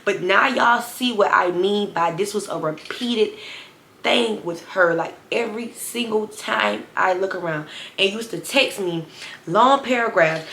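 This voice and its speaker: A woman in her twenties telling a storytime vlog to her viewers, sassy and animated. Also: mid-range voice, a little slow, a little hiss or hum. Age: 20s. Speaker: vlogger. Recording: roomy echo.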